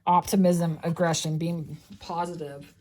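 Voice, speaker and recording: A woman's voice: on the low side, fairly even intonation, unhurried, background noise. Chatty young woman reading tarot. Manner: chatty, swears freely, lots of likes and restarts. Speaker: tarot reader.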